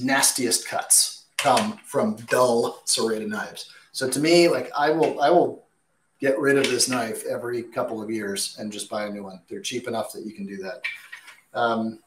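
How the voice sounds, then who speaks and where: A man's voice: medium pitch, fairly bright tone, slight background noise. A man who works as a chef, answering viewer questions with chatty, emphatic cooking advice in a kitchen. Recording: echoey room.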